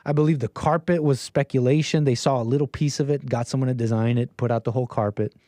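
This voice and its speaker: He speaks fast in a warm, mid-range voice with fairly even intonation, captured dry and at studio quality. As host of a call-in livestream, he rambles casually to chat, laughing often amid fillers, restarts and trailing thoughts.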